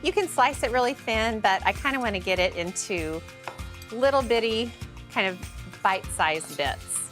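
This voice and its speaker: Bright and fairly high-pitched, this woman speaks animatedly at normal speed. She's hosting a casual home-kitchen cooking demonstration, chatty and playful with her crew, as music plays and a pan sizzles.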